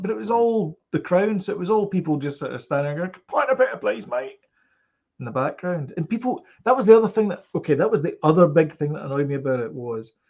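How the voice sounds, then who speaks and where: Here a Scottish man with a voice on the high side and a slightly mellow quality co-hosts a podcast. He rambles through casual conversation, often using fillers and restarting, and the podcast audio is dull and lo-fi.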